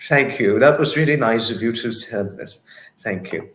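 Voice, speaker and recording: A man's voice: medium pitch, moderate pace, a bit bright, reverberant. A man hosting a casual livestream, reading chat comments and thanking viewers in an apologetic, effusive, giggly manner. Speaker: livestream host.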